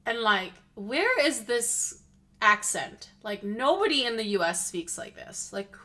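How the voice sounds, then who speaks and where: A woman's voice: fairly high pitch, sing-song, unhurried, pushed and bright. A woman streamer giving casual political commentary, rambling with lots of "like" fillers and feeling car sick.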